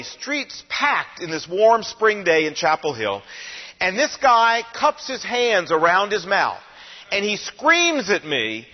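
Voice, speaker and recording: An older man preaching a sermon, telling his own story in a conversational, animated way. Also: high-pitched. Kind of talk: sermon testimony. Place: large church auditorium. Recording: long hall reverb, dull lo-fi sound.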